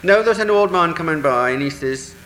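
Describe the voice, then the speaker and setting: A man telling a traditional folk tale in a lively, animated way, acting out the voices in the dialogue. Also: a little high, fairly quick, echoey room, in a large hall, slight background noise, poor audio. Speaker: storyteller.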